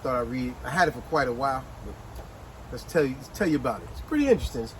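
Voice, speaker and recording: A man hosting a casual book review chat, retelling scenes as an animated storyteller with street slang. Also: mid-range voice, rapid-fire, slight background noise, poor audio. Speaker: host.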